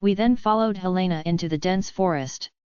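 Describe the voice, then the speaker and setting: A woman giving scripted first-person audiobook narration in an even, steady reading. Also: on the low side, fairly quick, clean tone, dry recording. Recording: dull lo-fi dry audiobook recording.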